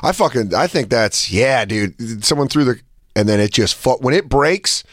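A man's voice: mid-range voice, lively intonation, moderate pace, dry recording, clean studio sound. A man co-hosting a podcast, joking crudely and jumping into mock voices. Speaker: podcast co-host. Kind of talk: casual comedic chat.

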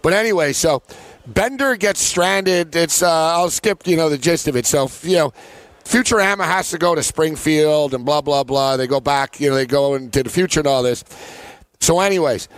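A man's voice: on the high side, moderate pace, no echo. A man hosting a sports betting talk show, telling a rambling story with frequent laughs in casual chat.

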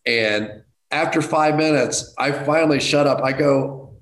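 A middle-aged man tells a casual anecdote as a guest. His voice sits at an ordinary middle pitch and jumps to high, excited outbursts. He is self-deprecating, and the recording carries a roomy echo. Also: measured pace.

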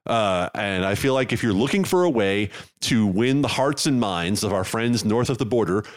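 A man's voice: lowish voice, expressive, moderate pace. A man co-hosting a podcast in casual chat, rambling and joking with plenty of fillers. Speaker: podcast co-host.

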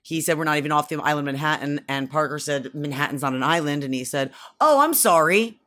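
A woman's voice: low-pitched, flat delivery, fast, a bit bright. A woman in her thirties co-hosting a casual podcast chat, telling family stories and acting out the voices of her kids and husband. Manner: chatty storyteller, acts out family members. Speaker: podcast co-host.

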